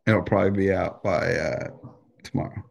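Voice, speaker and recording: A lower-voiced American man co-hosts a casual podcast. He rants with animated energy, swears freely and keeps restarting his sentences as he talks. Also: normal speed, creaky. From United States. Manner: animated, profane ranting with frequent restarts. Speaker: podcast co-host.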